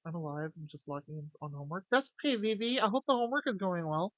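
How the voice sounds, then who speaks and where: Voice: medium pitch, animated, quick pace, no echo, lo-fi sound. A streamer chatting casually with viewers, jokey and loose, swearing freely. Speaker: game streamer.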